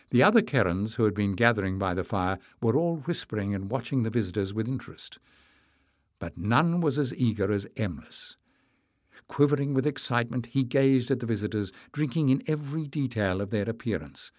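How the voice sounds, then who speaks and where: A man narrating an audiobook in a steady, even storytelling manner. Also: fairly low pitch, a little fast, no echo, studio quality. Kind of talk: scripted narration.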